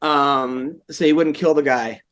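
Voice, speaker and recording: A man co-hosting a fight podcast, chatting casually and rambling, getting loud when doing bits. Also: on the high side, steady tone, unhurried, smooth. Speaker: podcast host. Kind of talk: casual chat.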